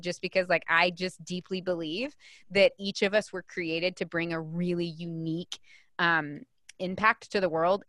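A woman in her thirties talking as a guest on a podcast, emphatic and fast-flowing, with frequent "like" fillers. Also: mid-range voice, fairly bright tone, no room sound, clean studio sound. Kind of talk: podcast conversation.

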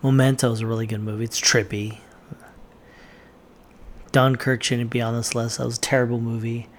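A man's voice: medium pitch, level tone, moderate pace, slight background noise. A man giving blunt, offhand opinions in casual commentary, with plenty of fillers. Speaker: vlogger reacting to movie lists.

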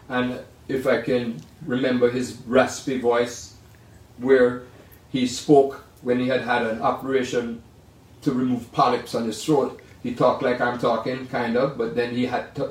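An older man, a jazz pianist, telling rambling, animated stories in a casual way. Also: mid-range voice. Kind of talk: casual storytelling. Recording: roomy sound from far off.

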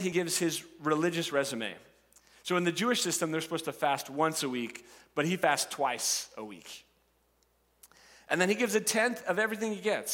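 Guy preaching, acts out all the voices, kinda high pitched, big echoey hall. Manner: animated, acts out voices of the crowd and the characters. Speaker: pastor. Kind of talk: sermon.

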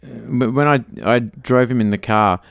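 Smooth-voiced Australian dad podcaster. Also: male voice, medium pitch, moderate pace, no room sound, clean studio sound. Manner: jokey, reads out listener messages. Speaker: podcast co-host. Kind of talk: casual chat.

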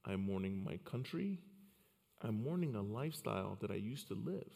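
A man from Liberia in his forties speaks with a low voice and earnest storytelling. He often repeats a word or two as he starts a thought. His voice has a long reverb around it, as if he is speaking in a large hall. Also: very animated, moderate pace, vocal fry, warm tone. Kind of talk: personal storytelling talk.

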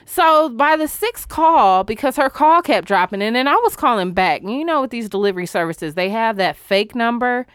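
A woman hosting a casual talk show, telling a story in an animated, exasperated, profane way. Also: on the high side, normal speed, hardly any pauses, clear, resonant tone, no room sound, clean studio sound.

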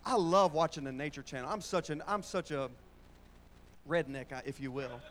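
A man's voice: on the high side, normal speed, fairly bright tone. A man preaching a sermon in a church, moving between casual storytelling and call-and-response with the congregation, using colloquial phrasing. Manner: conversational, with Southern-style colloquial phrasing.

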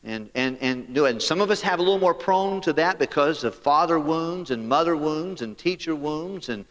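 A man preaching a sermon as pastor, animated and talking straight to his congregation. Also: a little high, moderate pace, big-room sound, dull audio.

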